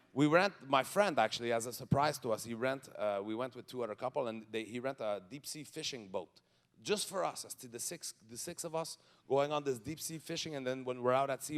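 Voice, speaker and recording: A man with a Quebec French accent performing stand-up comedy live, telling stories in an animated way and acting out what people said. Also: mid-range voice. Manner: animated storytelling, acting out quotes. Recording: reverberant live venue with ambience.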